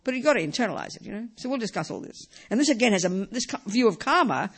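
A woman's voice: on the high side, very animated, quick pace, husky. A woman teaching a Buddhist lesson in an informal, emphatic way, often tossing in rhetorical tag questions and "you know" asides. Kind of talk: informal dharma talk.

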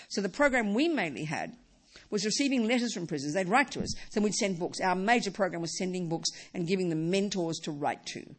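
A middle-aged Buddhist teacher giving a dharma talk, emphatic and repeating key phrases. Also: mid-range voice.

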